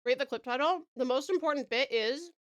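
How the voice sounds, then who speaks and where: A woman's voice: high voice, brisk, a bit bright. A woman with an Australian accent chatting casually on a live stream, giggling and eating as she talks. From Tasmania, Australia.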